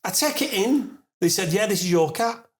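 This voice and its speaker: A middle-aged man spins a rambling, animated tale. He stumbles over his words with lots of fillers and restarts, swears casually, and his voice jumps up in pitch and volume when he gets to the unbelievable part. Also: normal speed. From England. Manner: animated storyteller, rising to loud laughing disbelief. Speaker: guest. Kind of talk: storytelling in a podcast interview.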